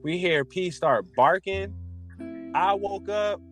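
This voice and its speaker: A man co-hosting a podcast in casual chat, an animated storyteller whose voice jumps high when he acts out a panic. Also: slow, music in the background. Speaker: podcast co-host.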